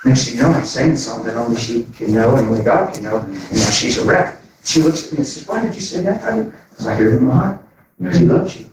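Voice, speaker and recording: A man preaching a sermon, telling stories with animated energy, laughing and acting out conversations. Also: mid-range voice, quick pace, background noise. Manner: animated, laughing, acts out dialogue. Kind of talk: sermon with storytelling. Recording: very echoey, distant from mic.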